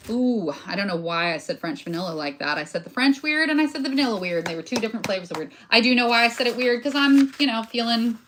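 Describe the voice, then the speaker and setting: A woman's voice: fairly high pitch, fairly bright tone, slight background noise. A woman chatting casually to her viewers while she works on a craft project, joking about herself as she goes. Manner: chatty, self-deprecating, talks while working with hands. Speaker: crafting video host.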